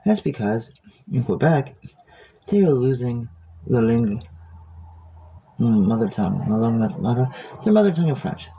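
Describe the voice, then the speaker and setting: Man streamer, raspy gravelly voice, joking and rambling off-topic. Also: medium pitch, very animated, normal speed, pauses often, dark tone. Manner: joking, digressive, profane. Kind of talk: casual rambling monologue.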